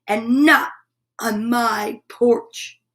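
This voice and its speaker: Lady playing a huffy critter girl from a kids book, scoffy, slowish. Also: a little high, steady tone, fairly bright tone. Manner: scoffing, huffing. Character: prickly female storybook critter, proud of her porch.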